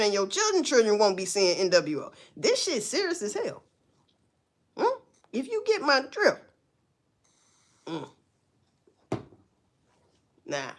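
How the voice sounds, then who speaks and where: A woman hosts a casual livestream, talking at a middling pitch. Her voice swoops widely up and down as she rants, firing off blunt, profane rhetorical questions. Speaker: livestream host.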